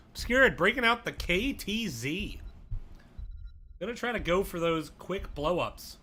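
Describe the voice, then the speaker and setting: A man talks through an esports draft on a live stream in a bright, forceful voice that sits a little high. He is casual and crude, throwing in jokes as he goes, and a faint hum of ambience hangs behind him. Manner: casual, crude, joking asides while eating on stream. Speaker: esports caster. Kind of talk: solo esports draft commentary.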